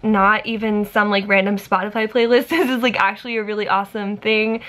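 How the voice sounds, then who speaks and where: A woman's voice: mid-range voice, fairly bright tone. A young woman in her twenties talking casually to camera in her vlog, emotional and gushing, laughing between thanks. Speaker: vlogger.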